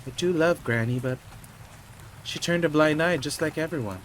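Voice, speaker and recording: A man's voice: a little high, normal speed, a bit bright, a little hiss or hum, close to an everyday voice, poor audio. A man voicing a distraught sixteen-year-old boy who shot someone, reading his lines aloud in a pleading, breaking tone. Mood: hopeless. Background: game music and rain.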